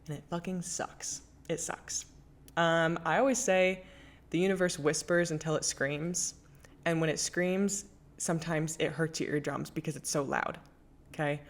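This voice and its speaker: A young woman with a low-pitched voice hosts her own podcast, talking through listener letters. She speaks candidly and emphatically, swearing freely in a loose, chatty way. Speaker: podcast host. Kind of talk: casual chat, reading listener letters.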